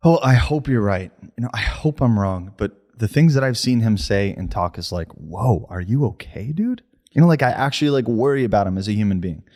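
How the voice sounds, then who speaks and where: A man's voice: on the low side, lively intonation, fast, few pauses, a little mellow. A man co-hosting a comedy podcast, casual and playful, who rants and swears when worked up. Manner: playful, ranting, swears, tries accents. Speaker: podcast co-host.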